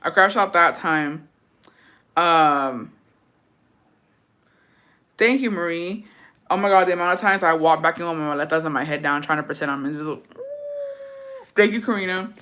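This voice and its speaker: A woman's voice: sits low, moderate pace, pauses often, pushed and bright. Chatty, profane young woman storyteller. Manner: profane, chatty, mixes in Spanish words. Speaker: livestreamer. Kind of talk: casual storytelling chat.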